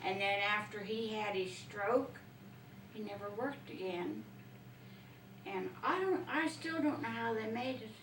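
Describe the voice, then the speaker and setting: An older woman telling family memories slowly and reflectively in an oral history interview. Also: medium pitch, fairly bright tone, a little hiss or hum. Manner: slow, reflective storytelling. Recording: echoey room, distant mic.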